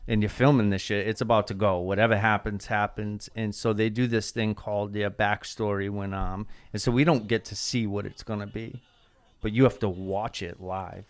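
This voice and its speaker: Low-voiced man telling a story. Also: fairly even intonation, moderate pace, clear, resonant tone. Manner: rambling, full of "like" and swearing. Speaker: dancer. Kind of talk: casual podcast storytelling.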